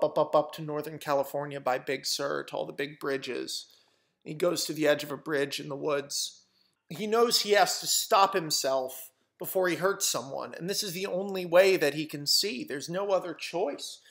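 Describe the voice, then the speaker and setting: A young man pitching a film idea in casual storytelling, animated and full of fillers, swearing freely. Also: gravelly.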